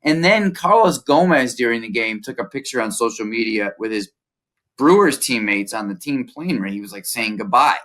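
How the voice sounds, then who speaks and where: A man's voice: medium pitch, expressive, normal speed, a bit bright. A man working as a baseball reporter, recounting events in a casual conversation with a lot of detail and frequent "uh"s.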